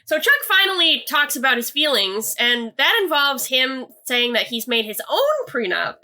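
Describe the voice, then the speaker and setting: A young woman with a bright, slightly high voice chats through a TV recap. She hedges with "like" a lot and trails into asides. It's a relaxed podcast conversation. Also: moderate pace. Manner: chatty, hedging with "like", reads quotes aloud. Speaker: podcast co-host. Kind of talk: casual episode recap.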